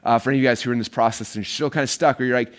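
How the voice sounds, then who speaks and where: A man teaching an online marketing course in a casual, energetic way, rambling a bit and using many fillers. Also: mid-range voice, very fast.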